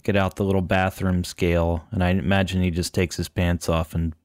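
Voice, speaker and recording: A man's voice: low-pitched, little pitch movement, a little fast, a little mellow, dry recording, clean studio sound. A man co-hosting a podcast about a film, chatting in a playful, joking way. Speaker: podcast co-host. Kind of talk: casual film-discussion chat.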